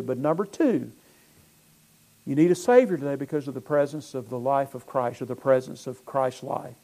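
A man preaching a sermon in a church, swelling into slow, emphatic phrases. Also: on the high side, a little mellow. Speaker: pastor. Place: church sanctuary with choir.

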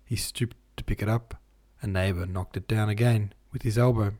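Male reader, low husky voice, measured classic-novel reading. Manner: steady, measured reading that stops to explain footnotes. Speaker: audiobook reader.

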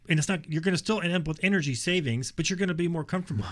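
A contractor chats on a radio show at a quick clip, his voice sitting a little high. He tells stories about customers and acts out their lines as he goes. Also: fairly bright tone. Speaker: attic ventilation contractor guest. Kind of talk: casual radio talk.

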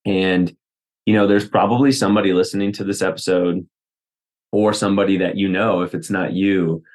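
Low-voiced man rambling through a podcast. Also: fairly even intonation, moderate pace, a little mellow. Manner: rambling, many fillers and restarts. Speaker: podcast host. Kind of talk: casual solo podcast talk.

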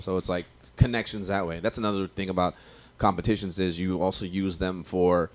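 Deep-voiced comedian. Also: male voice, flat delivery, quick pace. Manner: slangy, profane, rambling storytelling. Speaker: stand-up comedian. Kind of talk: casual podcast chat.

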